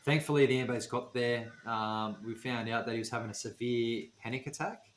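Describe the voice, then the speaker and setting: A man's voice: medium pitch, fairly even intonation, brisk, a little hiss or hum. A man co-hosting a podcast, telling work stories in a plain, matter-of-fact way and cracking dad jokes. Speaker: podcast co-host. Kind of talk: casual chat. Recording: roomy echo.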